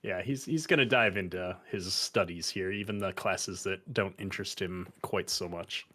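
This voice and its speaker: A man's voice: sits low, normal speed, pushed and bright. A man playing a tabletop game, speaking in character with hesitant, stammering restarts. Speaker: player. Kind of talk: in-character tabletop role-play.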